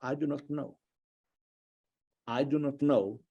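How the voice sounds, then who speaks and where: A man giving an online university lecture, halting and thinking aloud with many fillers and restarts. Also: medium pitch, steady tone, mellow, husky, dull audio. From Italy. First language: a regional language between France and Italy.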